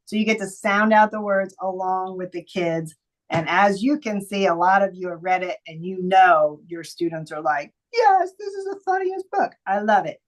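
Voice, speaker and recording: A woman giving a lively, chatty presentation to teachers, playful and quick to slip into silly voices and sing-song bits. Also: lowish voice, poor audio. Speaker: teacher trainer presenting book picks.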